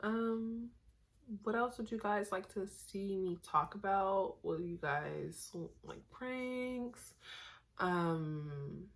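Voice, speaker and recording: A woman's voice: medium pitch, drawn-out words. A young woman from Northern California, chatting casually to her camera, rambling with lots of fillers and a tired, goofy manner. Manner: goofy and tired late at night. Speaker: vlogger.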